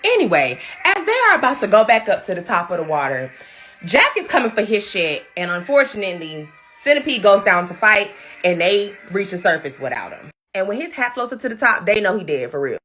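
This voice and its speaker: A woman's voice: mid-range voice, sing-song, a little fast, fairly bright tone, faint music behind. A woman hosting a comedic movie recap, telling the story in a sassy, slangy style.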